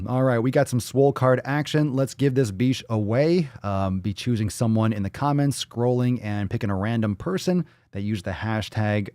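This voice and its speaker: A man's voice: mid-range voice, moderate pace, few pauses, a little mellow, dry recording, clean studio sound. A man hosting a daily fitness livestream podcast, talking casually with hype, profanity and playful catchphrases. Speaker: podcast host.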